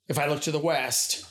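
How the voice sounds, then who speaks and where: A man from Michigan, a guest on a casual podcast, telling rambling anecdotes and often chuckling. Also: a little high. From Michigan, USA. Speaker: guest, convention organizer.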